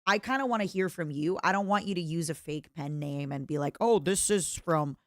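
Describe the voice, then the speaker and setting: A woman streamer with a slightly low voice chats live at her desk mic, playful and expressive, jumping between excited squeals and soft murmurs and repeating words for fun. Her throat sounds a little strained. The sound is close and dry. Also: a little fast, dry recording. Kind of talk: casual live-stream chat reading fan letters.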